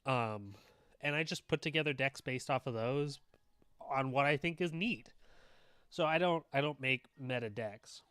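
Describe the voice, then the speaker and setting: A relaxed podcast co-host chats casually about his hobby in a medium-pitched, clear, resonant voice at a slightly slow pace. The studio sound is clean, with no echo.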